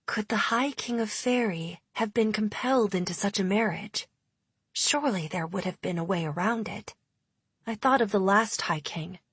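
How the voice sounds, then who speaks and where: A woman narrating a first-person dark fantasy audiobook in a measured, deliberate way. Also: medium pitch, breathy edge, no echo.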